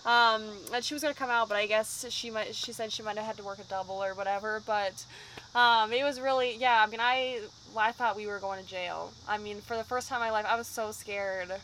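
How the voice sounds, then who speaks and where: A woman's voice: mid-range voice, a little fast, slight background noise, low-quality recording. A young woman, a band vocalist, chatting casually in an interview and acting out the people in her stories. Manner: lively storyteller, acts out quotes.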